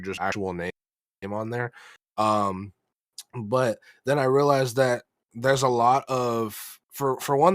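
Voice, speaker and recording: A young American man, a rap artist, answering interview questions in a monotone, halting way, with many fillers and restarts. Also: fairly low pitch, dry recording. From United States.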